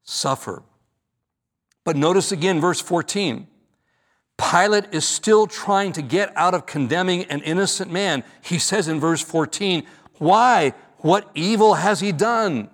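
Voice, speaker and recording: Man preaching an expository sermon. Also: a little high. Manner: earnest expository preaching, stretching key words. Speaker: pastor.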